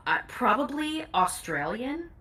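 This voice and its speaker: A woman's voice: fairly high pitch, sing-song, slow, sharp tone. A woman audiobook narrator, a guest in a casual interview, talking candidly and laughing easily.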